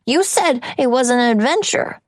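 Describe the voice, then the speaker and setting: A woman's voice: high-pitched, animated, normal speed, no room sound, studio quality, pitched above the performer's own voice. A woman voicing an upset, stubborn young boy who whimpers and pleads in a storybook reading. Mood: tearful.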